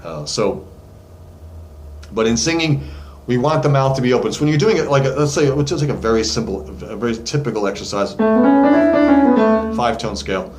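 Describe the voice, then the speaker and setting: Over music, a man with a mid-range, animated voice talks at a moderate pace with long pauses. He's a vocal coach in his voice studio, giving a casual lesson to camera, loose and chatty with many fillers and sung demonstration notes. The recording has room echo and faint background noise.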